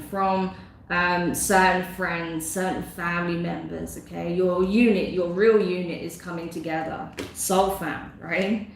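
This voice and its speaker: A woman giving a casual tarot reading, effusive and emotional, chatty with lots of fillers. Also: on the low side. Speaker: tarot reader. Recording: very echoey room with faint noise.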